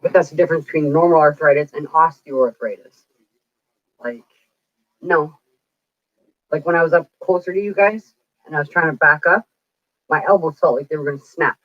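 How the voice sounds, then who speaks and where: A woman's voice: low voice, moderate pace, pauses often, dry recording. A woman in her forties chatting casually on a livestream, telling stories bluntly and swearing freely. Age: 40s. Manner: blunt, profane storytelling. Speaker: livestream host. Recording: dull lo-fi dry sound.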